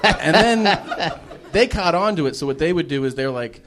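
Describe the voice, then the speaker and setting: A man's voice: on the high side, animated, moderate pace, noisy background. A man telling a profane comic story as a podcast guest, laughing while he acts out the dialogue. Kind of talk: casual comedic storytelling.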